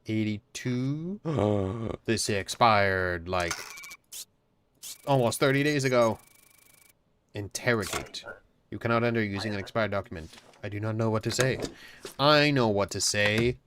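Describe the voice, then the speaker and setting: A man's voice: lowish voice, normal speed, pauses often, a little hiss or hum. A man casually commentating a game, reading its text aloud and cracking jokes. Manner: jokey, reads game text aloud, bursts into shouting. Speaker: gamer playing a border-inspector game. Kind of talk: casual let's-play commentary.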